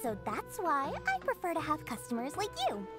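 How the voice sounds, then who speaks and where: A high, animated game merchant woman, smooth, scheming and salesy. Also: normal speed, over music. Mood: sly. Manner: sly, salesy, theatrical. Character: shrewd smooth-talking female black-market merchant. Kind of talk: video game voice acting.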